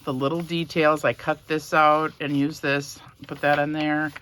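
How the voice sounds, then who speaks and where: A woman vlogger casually showing a handmade journal, soft-spoken and a little emotional, rambling with fillers. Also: deep voice, level tone, a little slow, few pauses, slight background noise. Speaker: crafting vlogger. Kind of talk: casual show-and-tell.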